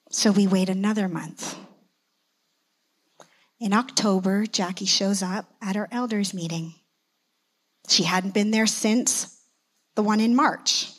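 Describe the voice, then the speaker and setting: A middle-aged woman telling a personal testimony in a sermon, acting out the conversations with sudden jumps in pitch. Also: husky. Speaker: church elder and speaker.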